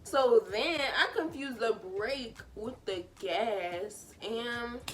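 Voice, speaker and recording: A woman in her twenties telling a story from home in a chatty, animated way. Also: fairly high pitch, drawn-out words. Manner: animated and chatty, full of fillers. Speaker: vlogger. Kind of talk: casual storytime.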